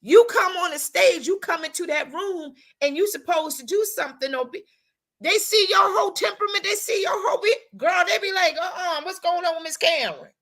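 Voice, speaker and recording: A woman's voice: extremely high pitch, brisk, fairly bright tone. A woman co-hosting a women's talk show, giving a preacherly motivational talk with speech, repeating her lines and acting out how people talk.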